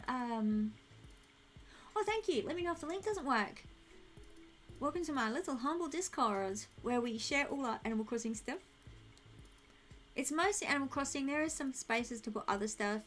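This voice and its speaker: A woman's voice: sits high, normal speed, soft background music. A young woman streaming a game, chatting casually and thinking aloud while she answers her chat.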